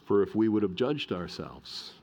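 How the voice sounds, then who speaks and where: A man's voice: fairly low pitch, very animated, normal speed, vocal fry, mellow. A middle-aged male pastor preaching a sermon, earnest and emphatic, repeating key phrases.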